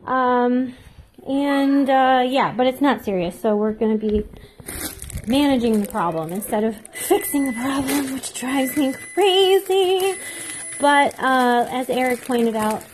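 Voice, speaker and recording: Rambling, self-deprecating mom vlogger. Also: female voice, on the high side, slight background noise. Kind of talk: casual chat while baking.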